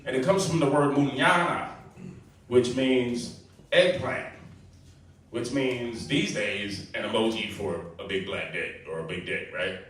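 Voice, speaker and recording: A man's voice: medium pitch, measured pace, a bit bright. A man doing a loose, crowd-baiting stand-up set at an open mic, often laughing at his own jokes. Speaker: stand-up comic. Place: small comedy club. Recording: echoey room from far off, faint hiss.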